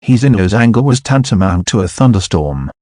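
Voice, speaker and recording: A man narrating a web novel audiobook in an even, measured way. His voice is on the low side, and the recording is dry and close. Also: no room sound.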